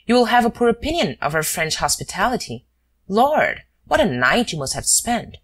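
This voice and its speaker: A woman's voice: mid-range voice, very animated, normal speed, slightly rough, voice pushed up. A woman voicing a male police commissary who is exaggeratedly courteous. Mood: mock courtesy.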